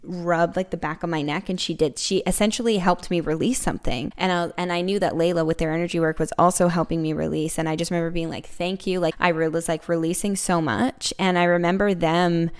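Young woman host, low-pitched and smooth, casual storytelling with chatty repeats. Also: fairly even intonation, brisk, hardly any pauses. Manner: chatty, repeats words, many "like" fillers. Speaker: podcast host.

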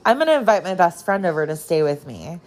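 Woman host, lower voice, chatty and profane, rambling casual talk. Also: very animated, fast talker. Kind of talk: casual chat.

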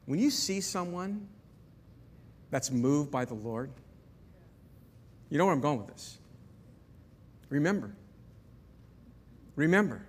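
Male pastor, 50s, animated storyteller with a slightly high voice, large hall reverb. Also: slow, pauses often, husky. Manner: animated storyteller, repeats words and restarts. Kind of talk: sermon with personal story.

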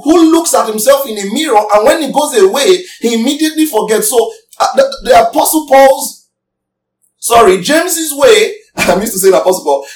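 A very high-voiced pastor preaches with emphasis, asking his congregation questions along the way. The recording is distant and off mic, in an echoey room.

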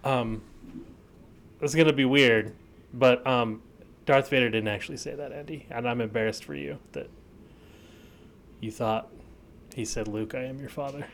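A man co-hosting a podcast in casual chat, teasing his partner and talking in halting bursts with many restarts. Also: medium pitch, slight background noise. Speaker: podcast co-host.

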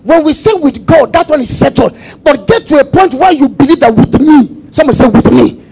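A man preaching a sermon, repeating phrases and calling for the congregation to answer, shifting between shouts and quiet asides. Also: extremely high pitch, expressive, a little fast, poor audio. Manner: emphatic call-and-response preaching with repetition.

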